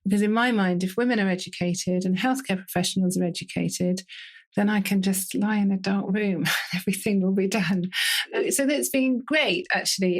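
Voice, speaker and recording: A British woman in her fifties, a doctor being interviewed, telling her story candidly with frequent laughter. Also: lowish voice. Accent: British English. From Britain. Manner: lively, laughs often, tells stories with quoted speech.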